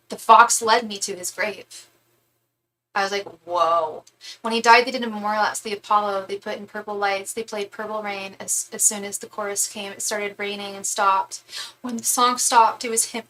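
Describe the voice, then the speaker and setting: A woman's voice: mid-range voice, little pitch movement, normal speed, fairly bright tone, slight background noise, rough recording. A young woman hosting a livestream, chatting casually with viewers in a gushing way, full of fillers and restarts. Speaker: tarot reader and psychic livestream host. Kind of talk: casual livestream chat reading comments.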